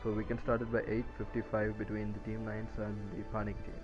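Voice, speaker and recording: A man co-casting a live mobile game tournament, giving steady, measured analysis of the plays. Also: fairly low pitch, dull audio, music in the background. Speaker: esports co-caster.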